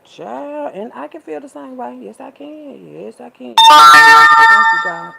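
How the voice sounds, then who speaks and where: A woman's voice: high voice, lively intonation, vocal fry, loud music behind the voice, poor audio. A woman, sassy and preachy, calling listeners baby and child. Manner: sassy, preachy, drawn-out with pet names. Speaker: vlogger. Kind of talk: casual monologue to camera.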